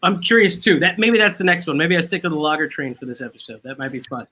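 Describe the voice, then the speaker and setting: A man's voice: fairly high pitch, lively intonation, fast, pushed and bright, husky. A man hosting a casual drinking chat show over a video call, with playful, teasing banter. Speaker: host. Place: outdoors, then moving inside.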